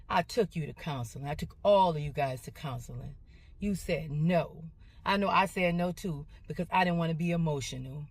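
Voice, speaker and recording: A woman's voice: on the low side, normal speed, no echo. A middle-aged woman gives an emotional rant to camera as a social media poster, talking in an emphatic, repetitive, confrontational way.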